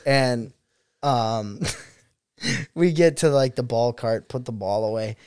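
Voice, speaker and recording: A young man of middle pitch spins stories from his classroom in a casual, rambling chat. He swears freely and breaks into laughter along the way. His voice sounds dry and close, with no room around it. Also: slow pace, smooth, no room sound. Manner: profane, laughing, animated storyteller. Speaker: student teacher.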